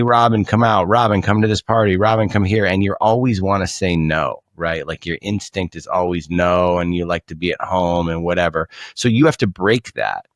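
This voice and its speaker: A man on a podcast, telling a story in a relaxed, animated way and often repeating words as he starts a thought. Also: low voice, no echo, studio quality. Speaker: podcast guest. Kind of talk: casual storytelling.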